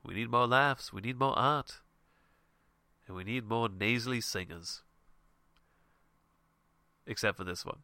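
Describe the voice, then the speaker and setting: A man's voice: on the low side, takes it slowly, pauses often, pushed and bright, no room sound. A man hosting a show with a stuffy, nasal voice from a head cold, giving loose, frank encouragement to fellow artists. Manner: loose, rambling and frank, with laughs and mild swearing. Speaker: show host and comic artist. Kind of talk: casual motivational monologue.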